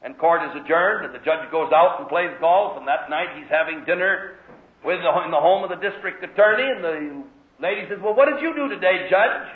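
A man's voice: a little high, fairly quick. A man preaching a sermon, telling stories and acting out the voices in them. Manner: animated storytelling, acts out voices in quotes. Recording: phone-like lo-fi echoey hall recording. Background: congregation heard responding.

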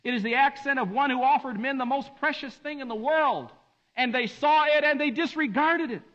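High-voiced preacher on a dull recording. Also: male voice, normal speed. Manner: dramatic swings between hushed and emphatic delivery. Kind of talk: sermon.

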